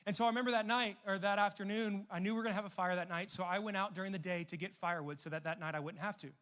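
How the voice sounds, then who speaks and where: A young man preaching a sermon as a youth pastor, telling stories and moving between emphatic and hushed delivery. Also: high voice, fairly even intonation, very fast. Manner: storytelling, shifts between loud emphatic and soft hushed.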